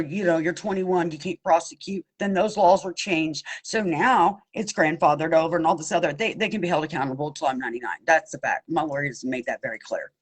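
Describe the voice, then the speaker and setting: A woman's voice: medium pitch, slightly rough. A woman from Pennsylvania speaking straight to camera in a blunt, impassioned plea, cussing and addressing her listeners directly. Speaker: abuse survivor seeking justice.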